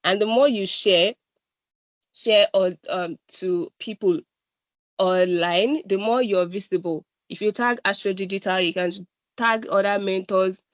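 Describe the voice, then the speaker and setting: A woman's voice: medium pitch, measured pace, dry recording, lo-fi sound. A woman with a Nigerian accent giving an encouraging presentation talk as a guest speaker, often checking in with "right?". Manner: encouraging, repeats "right?" and "I'm telling you". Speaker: guest speaker at a data analytics boot camp.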